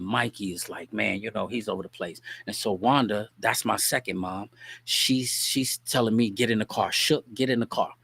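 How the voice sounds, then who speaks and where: A man hosting a show, telling a family story in a casual, animated, slangy way and often checking in with the listener. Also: on the low side, gravelly, breathy edge. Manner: animated, slangy, keeps asking "you dig what I'm saying?". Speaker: host.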